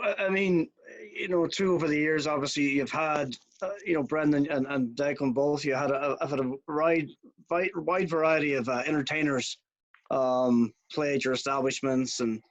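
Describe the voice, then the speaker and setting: A man hosting a podcast, asking long, halting questions in casual chat. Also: fairly high pitch, lo-fi sound. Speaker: podcast host.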